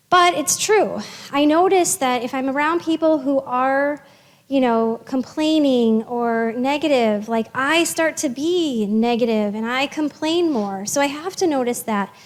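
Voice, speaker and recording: A woman's voice: sits high, a little slow, long reverb tail. A woman social worker giving a chatty, upbeat presentation to parents, with many fillers and restarts.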